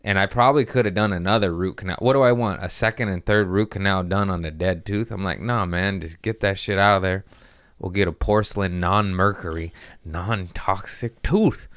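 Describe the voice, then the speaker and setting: A man hosting a comedy podcast, telling a rambling, profane story in casual chat and jumping up in pitch for the punchlines. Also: moderate pace, fairly bright tone, dry recording, studio quality.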